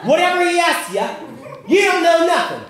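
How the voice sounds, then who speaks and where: A man voicing a loud, rowdy English audience member who shouts as he urges the others to stay quiet. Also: very high-pitched, very animated, moderate pace, pitched above the performer's own voice. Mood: conspiratorial. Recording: echoey room, far from mic, noisy.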